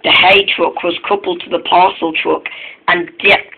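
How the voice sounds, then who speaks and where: A man narrating a storybook tale, speaking haltingly and often restarting his sentences, on a tinny, phone-like recording. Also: high voice, fairly even intonation, breathy edge.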